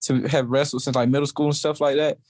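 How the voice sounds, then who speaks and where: A man's voice: mid-range voice, flat delivery, fast, a little mellow, dry recording. A young man from South Georgia, a college wrestler talking in a laid-back, casual way as an interview guest. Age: young adult. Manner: laid-back, heavy use of "like".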